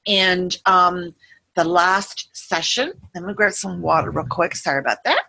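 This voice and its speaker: A woman with a bright, forward voice and a husky edge to it talks listeners through a guided visualization. She speaks gently and soothingly, drifting between imagery and casual asides. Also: lowish voice, animated, normal speed. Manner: meandering, gentle, soothing storytelling. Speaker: meditation guide.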